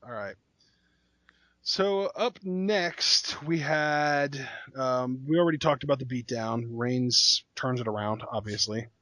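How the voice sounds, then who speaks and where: A man's voice: mid-range voice, slow pace, bright, forceful tone, no room sound. A man co-hosting a casual wrestling recap podcast, speaking in a wry, laid-back way. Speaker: podcast co-host.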